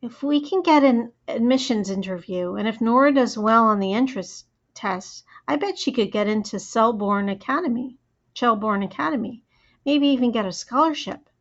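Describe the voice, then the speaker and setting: A woman reading voices a proud, gushing mother whose voice climbs as her hopes for her daughter build. The voice sits fairly high, and the lo-fi recording takes the shine off it. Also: normal speed, close to an everyday voice. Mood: excited. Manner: gushing, rising with excitement. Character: excited proud mother of a schoolgirl. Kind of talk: audiobook character voice. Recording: dull lo-fi audio.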